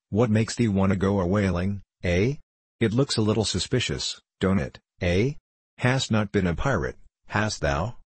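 A man voicing a gruff old sea captain. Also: low voice, no room sound. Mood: scornful. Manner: blunt, suspicious, archaic thee-and-thou speech. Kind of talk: audiobook character reading.

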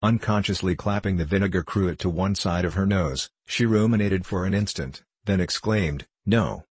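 Low husky male audiobook narrator. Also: normal speed, darkish tone, dry recording. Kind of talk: first-person literary narration.

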